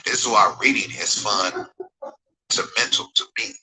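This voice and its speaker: This is a lowish, husky male voice with a sharp tone and a moderate pace, captured in poor audio. The speaker, in his forties, rambles on a livestream, reading chat comments and frequently checking that viewers follow him. He is emphatic and digressive, repeating phrases and asking for agreement.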